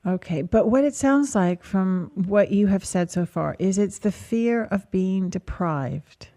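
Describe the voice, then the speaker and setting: A woman hosting a call-in radio advice show, calmly coaching a caller with gentle, repetitive phrasing. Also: mid-range voice, measured pace. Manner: calm, coaching, speaks in gentle repeated phrases. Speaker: radio talk show host and therapist.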